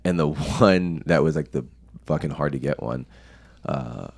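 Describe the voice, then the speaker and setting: A man's voice: extremely low pitch, a little slow, gravelly, darkish tone. A young American man, a podcast guest, telling stories casually, swearing often and laughing. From United States. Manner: profane, laughing storyteller. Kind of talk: casual storytelling.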